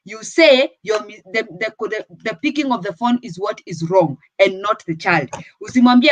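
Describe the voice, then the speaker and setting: A woman's voice: medium pitch, moderate pace, dry recording, highs cut off. A woman with a Kenyan accent giving firm parenting advice on a talk show. She switches between English and Swahili.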